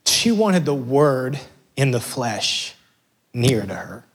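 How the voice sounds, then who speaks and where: A man's voice: mid-range voice, very animated, slow pace, husky. A middle-aged man preaching a sermon as pastor, passionate and building to emphatic peaks.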